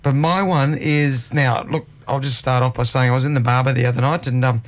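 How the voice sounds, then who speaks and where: A man's voice: mid-range voice, fairly even intonation, brisk. A man hosting a casual chat show, with easygoing, joking banter. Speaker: host.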